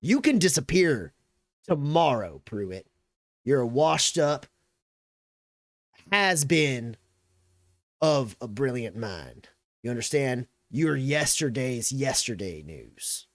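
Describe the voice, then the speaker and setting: A man's voice: mid-range voice, sing-song, takes it slowly, pauses often, no room sound, studio quality. A man voicing a stern, threatening male colonel who barks orders and threats in a raised, commanding voice. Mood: menacing. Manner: loud, commanding, menacing.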